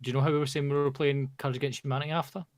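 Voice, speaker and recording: A man's voice: mid-range voice, little pitch movement, rapid-fire, dry recording, clean studio sound. A man chatting and joking as a guest on a casual podcast. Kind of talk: casual chat.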